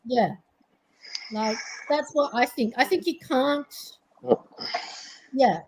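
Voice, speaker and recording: An Australian woman guest on a casual podcast, talking with animated energy and sarcastic asides. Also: high-pitched, takes it slowly, a little hiss or hum, poor audio. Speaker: guest advocate.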